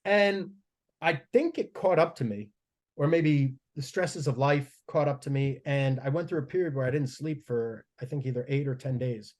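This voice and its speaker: A man's voice: medium pitch, moderate pace, darkish tone. Profane, rambling man telling stories. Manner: profane, rambling storytelling with frequent restarts. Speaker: strength coach guest. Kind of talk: casual podcast conversation.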